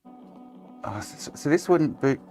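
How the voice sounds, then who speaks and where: A man's voice: fairly high pitch, animated, takes it slowly, warm tone, faint music behind. A man with an Australian accent streaming console repairs, chatting casually and ranting in frustration, swearing a lot. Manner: exasperated ranting, heavy swearing. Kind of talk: casual livestream chat while working.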